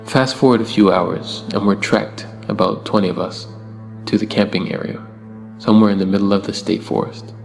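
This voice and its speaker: A man narrating a horror story with a low, gravelly voice. He keeps a calm, even pace through the telling. A long reverb tail and faint music hang behind him. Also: moderate pace. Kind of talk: scripted narration.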